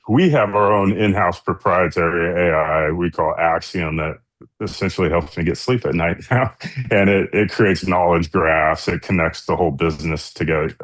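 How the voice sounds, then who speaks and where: A man who founded a company, answering as a guest in a casual, conversational way. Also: deep voice. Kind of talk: interview answer.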